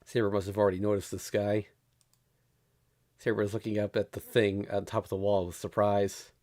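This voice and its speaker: A man's voice: lowish voice, level tone, brisk, a little mellow. A man streaming a read-aloud of a visual novel, narrating steadily with small stumbles and laughs.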